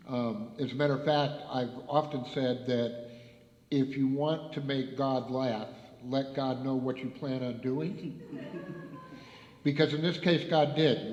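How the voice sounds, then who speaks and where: A man's voice: mid-range voice, darkish tone, slight background noise. A man, a pastor, giving a conversational panel introduction with easy fillers. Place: church hall. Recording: echoey hall, slightly dull sound.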